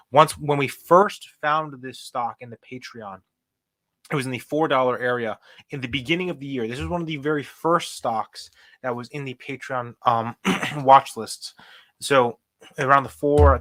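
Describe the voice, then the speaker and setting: A young man hosting a casual live stock show, chatting and thinking out loud as he reads charts. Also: medium pitch, normal speed, no echo. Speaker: host. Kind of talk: casual livestream stock commentary.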